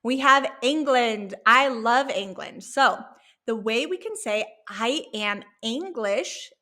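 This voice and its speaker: A woman teaching a Spanish lesson, slowly modeling words and encouraging the listener to repeat after her. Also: fairly high pitch, bright, forceful tone. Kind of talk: language lesson.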